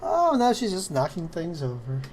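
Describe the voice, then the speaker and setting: Slow-talking woman streamer chatting to herself. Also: mid-range voice, big pitch swings, darkish tone, slight background noise. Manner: slow, self-talking, talks fondly and exasperatedly to her cat. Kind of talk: casual live-stream chat while 3D modeling.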